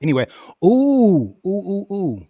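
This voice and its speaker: A man's voice: high voice, wildly swooping pitch, unhurried, dark tone, no room sound, highs cut off. A man casually commenting on clips he watches, often breaking into laughter and muttering asides. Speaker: streamer reacting to clips.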